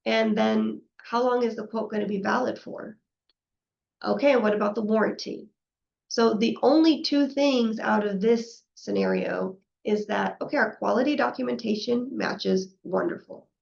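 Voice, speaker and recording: A woman presents a professional session in a chatty, conversational way, often tossing in a "right?" and acting out quoted back-and-forths. Her voice carries a gravelly fry, and the recording sounds somewhat muffled and lo-fi. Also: a little high, normal speed, darkish tone. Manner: conversational, frequently adds "right?" and acts out quoted exchanges.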